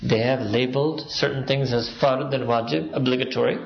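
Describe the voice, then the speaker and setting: A man's voice: medium pitch, a little fast. A man giving a sermon-style lecture, driving his points home with rhetorical questions and frequent prompting "hmm?"s. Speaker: Islamic speaker. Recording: roomy, dull lo-fi sound.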